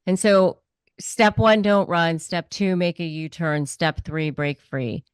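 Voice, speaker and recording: A woman's voice: medium pitch, slow, pauses often, clean tone, dry recording. Earnest woman giving firm advice. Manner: earnest, repeats key phrases, acts out quoted speech. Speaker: narcissism expert guest. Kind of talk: conversational advice.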